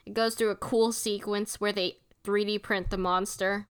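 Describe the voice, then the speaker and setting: A woman's voice: mid-range voice, little pitch movement, moderate pace, clear, resonant tone. A woman co-host with a mid-range voice. She is giggly and enthusiastic, gushing over her favorite moments as she recaps. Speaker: podcast co-host. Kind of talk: casual chat.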